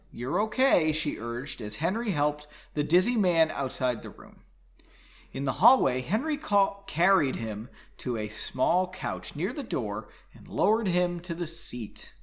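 A man casually reading a fantasy novel aloud at home on a couch, with jokey asides between passages. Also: a little high. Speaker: audiobook reader.

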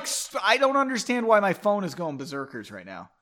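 A man's voice: on the high side, wildly swooping pitch, brisk, few pauses, fairly bright tone. Rambling, swearing man reading aloud. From United States. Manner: rambling, swears and comments between passages. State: drinking whiskey. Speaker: reader of a book. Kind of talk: casual read-aloud with asides.

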